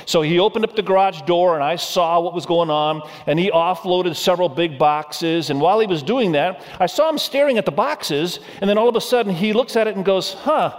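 A man's voice: high-pitched, fairly quick, few pauses. A middle-aged male pastor giving a sermon, telling a humorous story and asking the congregation questions. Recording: reverberant hall sound.

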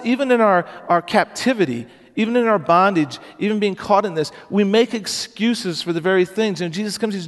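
A man's voice: high-pitched, big-room sound. A man preaching a sermon as pastor, earnest and urgent, asking the congregation questions.

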